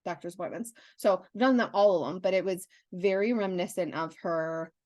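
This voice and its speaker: A young adult woman co-hosting a podcast, telling stories in a candid, animated way with lots of restarts. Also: on the low side, brisk, dry recording. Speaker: podcast co-host. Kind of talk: casual chat.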